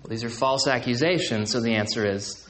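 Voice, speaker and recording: A man's voice: mid-range voice, a little fast, fairly bright tone, reverberant. A man teaching the Bible to a live audience in a conversational sermon, with jokey asides and a habit of checking in with his listeners. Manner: chatty, keeps checking in with listeners.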